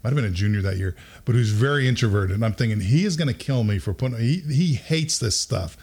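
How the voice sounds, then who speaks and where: A middle-aged man with a mid-range voice tells a story in relaxed conversation. He gets animated as he goes, chuckling and slipping into other people's voices when he quotes them. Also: mid-range voice, quick pace, breathy edge.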